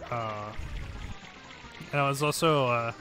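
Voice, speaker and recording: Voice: medium pitch, takes it slowly. A co-host in casual gameplay chat, speaking in a laid-back way with short, dry reactions.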